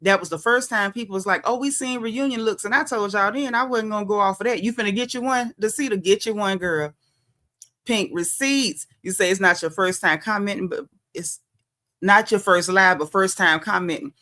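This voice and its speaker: A woman with a Southern US drawl hosts her livestream, chatting casually and sassily with her viewers. Her voice is bright and forceful, with a medium pitch, and she calls out commenters by name between opinions. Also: normal speed. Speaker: livestream host.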